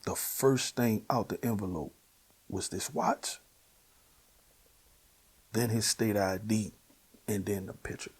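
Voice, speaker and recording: Husky New Orleans man telling his testimony. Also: on the low side, takes it slowly, long pauses. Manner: earnest, emotional, drops to a hushed near-whisper. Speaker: guest sharing his testimony. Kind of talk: personal testimony storytelling.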